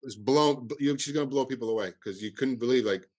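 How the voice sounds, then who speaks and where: A man with a Cuban accent, a festival producer, talking in a halting podcast interview with many restarts and fillers. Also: mid-range voice, darkish tone.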